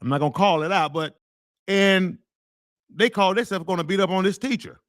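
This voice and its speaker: A man's voice: sits high, a little fast, a bit bright, dry recording, studio quality. Blunt rambling man. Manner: rambling, repeats words, heated and blunt. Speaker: teachers' association leader. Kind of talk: casual storytelling monologue.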